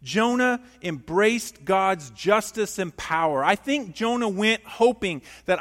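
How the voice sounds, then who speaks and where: A male pastor preaching a sermon, emphatic and animated, asking the congregation questions in a church. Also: sits high, slow pace, few pauses, big-room sound.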